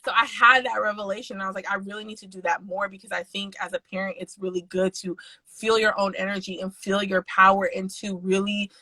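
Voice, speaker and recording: A young adult woman co-hosting a parenting podcast, telling a candid story in frank, profane, animated casual chat. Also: mid-range voice, a little fast, no echo, low-quality recording. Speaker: podcast co-host.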